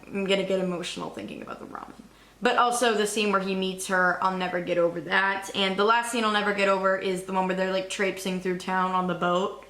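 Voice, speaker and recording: Rambling, excitable young woman vlogger. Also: mid-range voice, roomy sound. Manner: rambling, excitable, swears casually. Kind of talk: casual chat.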